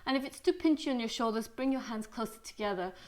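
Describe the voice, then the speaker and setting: A woman yoga teacher guiding a class through poses and breaths, calm and steady, a little out of breath. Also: a little high, fast. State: slightly out of breath. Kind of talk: guided yoga class instruction.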